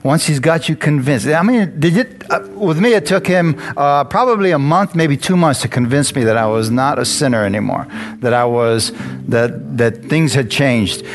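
A man's voice: mid-range voice, moderate pace. A man preaching a sermon in a church, telling his own story and calling out questions to the congregation. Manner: animated, calls out to the congregation. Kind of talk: sermon with personal testimony. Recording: guitar music playing behind the voice. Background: guitar music.

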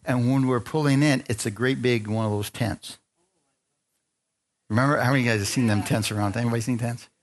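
This sermon testimony comes from a middle-aged preacher with a mid-range voice, fairly even intonation, and a fairly quick pace. He narrates his own experiences, voices the characters in them, and invites the crowd to say amen.

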